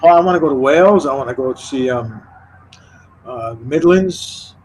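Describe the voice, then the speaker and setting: An American man in casual chat, speaking hesitantly with halting restarts and easy laughter. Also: medium pitch, expressive, darkish tone, a little hiss or hum, rough recording.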